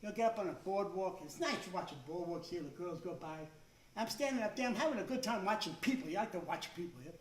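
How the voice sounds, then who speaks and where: High, bright-voiced comedian man on an echoey stage. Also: expressive. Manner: chatty, self-mocking, with quick asides and character voices. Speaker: stand-up comedian. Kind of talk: stand-up comedy routine. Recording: echoey stage sound from a distance.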